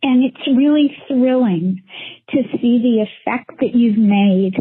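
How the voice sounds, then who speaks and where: A woman's voice: a little high, takes it slowly, slightly rough, no echo. A woman caller leaving a heartfelt, chatty voicemail. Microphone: phone. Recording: tinny phone line voicemail.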